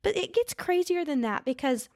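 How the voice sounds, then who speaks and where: Woman podcaster telling a true crime story, chatty, keeps fixing name mixups, kinda high gravelly voice, dry close sound. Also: lively intonation, moderate pace, a little mellow, dry recording. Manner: chatty, mixes up names and corrects herself. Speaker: podcast co-host.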